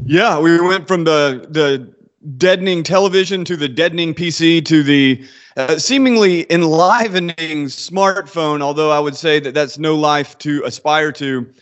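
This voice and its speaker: Male author guest with a fairly high voice; thoughtful, measured, hesitant delivery. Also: highs cut off. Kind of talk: interview answers.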